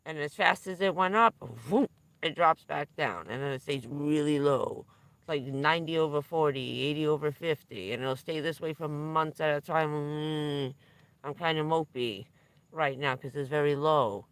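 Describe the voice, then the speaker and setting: A woman's voice: low-pitched, normal speed, clean tone, no room sound. A middle-aged woman telling a candid, profane story on a livestream, laughing now and then through hard news. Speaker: vlogger.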